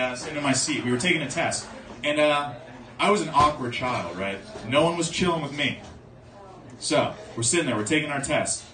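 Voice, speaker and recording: A young man from South Florida doing a profane stand-up set, telling a story and suddenly shouting the voices of the people in it. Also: fairly high pitch. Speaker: stand-up comedian. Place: comedy club stage. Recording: roomy club sound from a distance, crowd audible.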